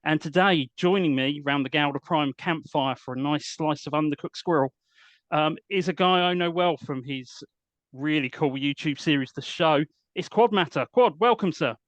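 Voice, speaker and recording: A man's voice: a little high, normal speed, no echo, lo-fi sound. A man hosting a casual podcast interview, chatty and enthusiastic, often restarting his sentences. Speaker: podcast host.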